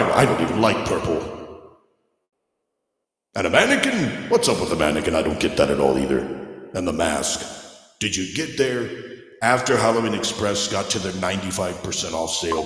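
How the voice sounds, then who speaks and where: A man's voice: deep voice, sing-song, a little fast, a bit bright, echoey room, big-room sound, pitched below the performer's own voice. A man voicing Satan as a petulant, vain figure who complains in indignant questions. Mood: whiny. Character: whiny petulant Satan, vain and easily hurt.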